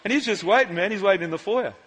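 High, bright-voiced preacher in a big hall. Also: male voice, very fast, a little hiss or hum. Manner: animated, jokey, shouts out to the crowd. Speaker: pastor. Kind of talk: lively church sermon. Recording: live sermon in a reverberant church hall.

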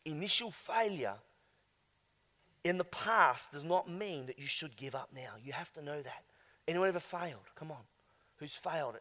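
A male pastor preaching emphatically, swinging between hushed asides and loud exclamations. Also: a little high, lively intonation, moderate pace. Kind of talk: sermon. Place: church. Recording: long church hall reverb.

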